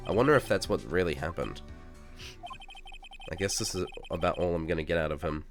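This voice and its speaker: A man's voice: low voice, a little fast, soft background music. A man voicing a young male defense lawyer in a game reading, with dry, wry remarks. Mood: questioning.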